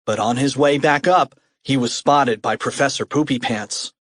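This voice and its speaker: A man narrating a children's audiobook in an animated, expressive read. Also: mid-range voice, normal speed, no room sound.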